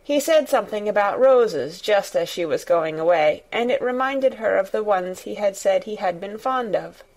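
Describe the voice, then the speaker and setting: A woman reading a storybook aloud as narrator, in a measured, even storytelling manner. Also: mid-range voice, rough recording. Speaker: audiobook narrator.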